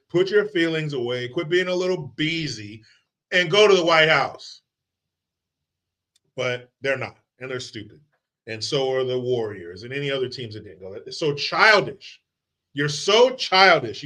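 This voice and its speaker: A man's voice: fairly high pitch, sharp tone. A man hosting a live commentary stream, ranting in a casual, mocking and profane way. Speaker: livestream host.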